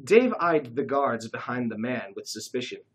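A narrator reading a comic caper story aloud, expressive and lively. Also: mid-range voice, moderate pace, husky, poor audio.

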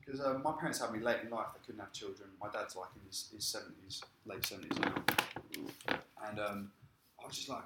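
A man preaching a sermon and telling his own story in a lively way. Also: on the low side, fairly quick, roomy sound, heavy background noise. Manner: lively storytelling, acting out quoted speech. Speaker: pastor. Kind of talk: sermon with personal testimony.

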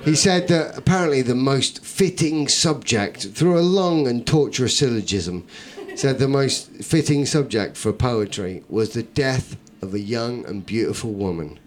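A man's voice: medium pitch, lively intonation, measured pace, few pauses. A man performing a comic poem for a live audience, rhythmic, theatrical and wry. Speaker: comedian and performance poet.

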